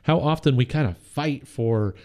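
A man's voice: mid-range voice, normal speed, darkish tone. A man hosting a radio show, chatting casually and reflecting on what his co-host says. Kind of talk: casual chat.

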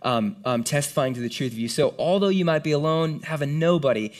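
Animated conversational male preacher. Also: a little high, fairly quick. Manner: conversational, animated, lots of "like" and "right?". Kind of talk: casual sermon to a live congregation. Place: room with a gathered audience.

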